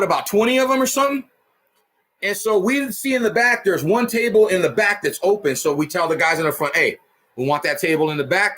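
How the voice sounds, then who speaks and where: Profane man telling a street story, high voice. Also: husky. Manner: profane street slang, lively retelling with sound effects. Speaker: storyteller host. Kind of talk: casual storytelling.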